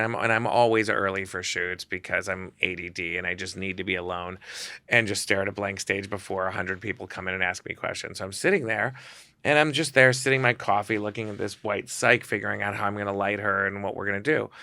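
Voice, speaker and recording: Man, gravelly, bright tone, lively storyteller, dry close sound. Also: on the low side, no echo. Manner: animated, self-deprecating anecdotes. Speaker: celebrity photographer, guest. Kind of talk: storytelling on a podcast.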